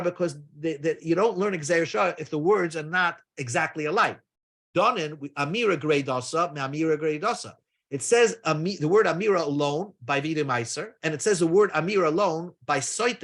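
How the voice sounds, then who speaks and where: A man's voice: a little high, expressive, a little fast, fairly bright tone. A man giving a daily Talmud lesson, explaining step by step with casual asides and freely mixing in Hebrew and Aramaic terms. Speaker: Talmud teacher.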